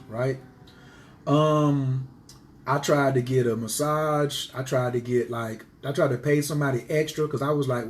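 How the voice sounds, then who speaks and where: A man's voice: medium pitch, steady tone, normal speed, a little hiss or hum. A man teaching astrology to his viewers in a casual live stream, speaking passionately and emphatically and driving his points home by repeating them.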